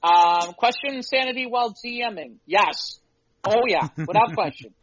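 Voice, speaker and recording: A man co-hosting a podcast and chatting casually about running tabletop games as game master, acting out his players' lines in quick voices. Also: sits high, lively intonation, a bit bright, highs cut off. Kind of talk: casual chat.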